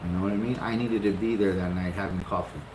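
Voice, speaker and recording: In his fifties, a husband casually recounts how he met his wife, acting out his own reactions and swearing a lot. He talks fast in a low voice with fairly even intonation. The recording has a roomy echo and clear background noise.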